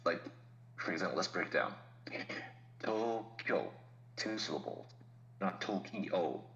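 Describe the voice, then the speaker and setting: A man's voice: sits low, moderate pace, sharp tone, dull audio, a little hiss or hum. A man talking as a podcast guest in casual chat, explaining things patiently with laughs and asides.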